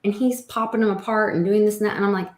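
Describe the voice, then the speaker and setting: A woman host chatting casually and quickly about raising her kids. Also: medium pitch, fairly even intonation, darkish tone. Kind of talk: casual chat. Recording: roomy echo.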